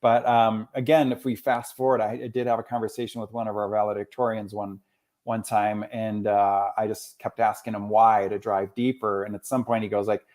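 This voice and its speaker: A man's voice: on the low side, moderate pace. A man in his forties, a school counselor, talking casually as a podcast guest and telling stories with quoted dialogue. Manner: animated storyteller, often quotes others.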